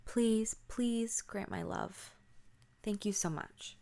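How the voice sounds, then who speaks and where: A shy schoolgirl with a crush, played by a woman telling a spooky story. She speaks hesitantly, tripping over her words, in a somewhat low voice. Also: lively intonation, brisk, natural voice. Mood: pleading. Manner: timid, hesitant.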